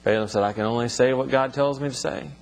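A man's voice: mid-range voice, fairly even intonation, quick pace, vocal fry. Man teaching scripture in an echoing room. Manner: reads scripture aloud, then explains it in plain talk. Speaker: Bible teacher. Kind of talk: expository Bible teaching.

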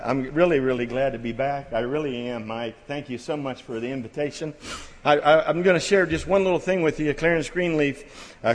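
A middle-aged man preaching at a church camp, folksy and halting with many restarts, building to fervent exhortation. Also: mid-range voice. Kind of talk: sermon. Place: church camp meeting hall. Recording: long hall reverb.

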